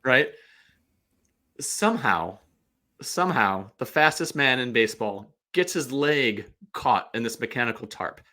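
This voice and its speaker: A man from the St. Louis area, a podcast guest, telling stories in an animated, rambling way with lots of restarts. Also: medium pitch, measured pace. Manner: animated, digressive storyteller. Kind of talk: casual chat.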